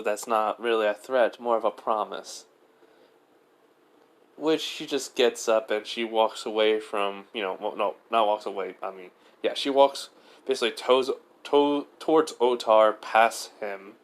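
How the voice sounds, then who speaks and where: A man's voice: on the low side, normal speed. Rambling man telling a fan story. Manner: rambling, fills with "basically", self-corrections. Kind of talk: improvised fan-fiction narration.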